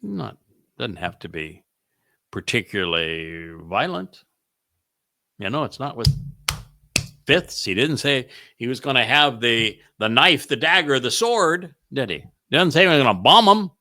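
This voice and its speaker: A man's voice: mid-range voice, big pitch swings, measured pace, bright, forceful tone. A man hosting a scripture study, preaching in an emphatic, sarcastic way and often laughing mid-sentence. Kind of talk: animated preaching commentary.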